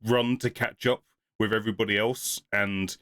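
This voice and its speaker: A man's voice: lowish voice, steady tone, moderate pace, fairly bright tone, no room sound, clean studio sound. A young man co-hosting a podcast, chatting casually and rambling, laughing often and acting out quotes. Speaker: podcast co-host. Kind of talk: casual review chat.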